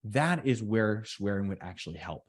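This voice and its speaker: A man co-hosting a casual podcast, an electrician who talks in a deliberate, reflective way and slows down on purpose to make a point. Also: on the low side, expressive. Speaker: podcast co-host.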